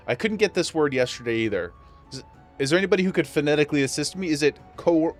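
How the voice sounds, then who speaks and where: A man's voice: on the high side, animated, moderate pace, long pauses, soft background music. A man streaming a game, chatting casually to chat in a playful, self-mocking way. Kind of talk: casual gameplay commentary.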